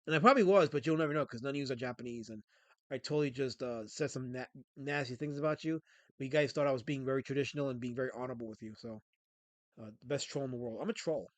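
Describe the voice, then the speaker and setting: At a quick pace and medium pitch, a scratchy-throated man from Pennsylvania rambles and jokes with viewers while hosting a casual livestream chat. There's no echo.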